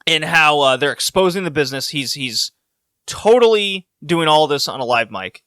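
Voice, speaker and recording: A man with a bright, forceful voice a little above the usual pitch tells a story with lively, laughing energy. The mic is close and the sound is dry, with no room around him. He speaks in a casual podcast style. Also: moderate pace, clear, resonant tone, no room sound. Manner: animated storytelling, laughing, voices rising when excited. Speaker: podcast co-host.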